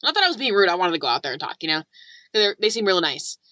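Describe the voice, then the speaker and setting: A woman's voice: lowish voice, fast talker, no echo, lo-fi sound. A young woman from California telling a story in a casual vlog, chatty, full of "like", acting out what people said. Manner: chatty, lots of "like", animated quoting. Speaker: vlogger.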